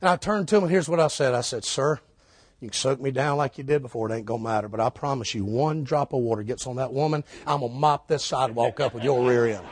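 A middle-aged man preaching a storytelling sermon, swinging between shouted preaching and low, hushed retelling. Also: fast, slightly rough. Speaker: street preacher.

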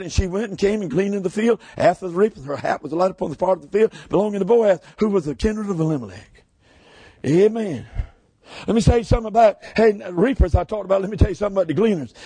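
Preacher man hollering his sermon, real high voice, gravelly and husky. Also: fast, dark tone, no echo. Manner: hollers with rising pitch, then drops low. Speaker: pastor. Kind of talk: shouting revival sermon.

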